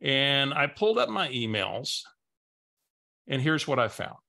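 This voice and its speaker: A man's voice: mid-range voice, big pitch swings, unhurried, gravelly, sharp tone. A man coaching through a webinar, telling a story in a conversational way and often repeating words as he goes. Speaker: business coach.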